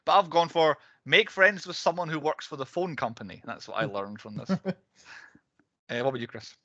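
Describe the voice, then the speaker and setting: Bright-voiced man reviewing films. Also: a little high, fairly quick, no room sound, muffled recording. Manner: chatty, laughs often, runs through categories. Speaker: podcast co-host. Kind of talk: casual film-review chat.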